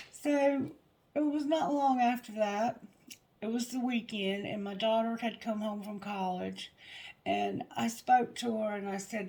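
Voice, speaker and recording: A middle-aged woman with a gravelly, creaky voice tells a story from her own life. She talks bluntly and heatedly, swearing freely, at a mid pitch. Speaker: tarot reader. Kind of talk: personal storytelling.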